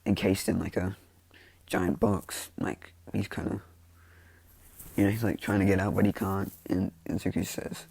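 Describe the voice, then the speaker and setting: Man, husky dark voice, casual rambling fan storytelling, loose filler-heavy delivery. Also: sits low, flat delivery, normal speed. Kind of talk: casual spoken fan-fiction retelling.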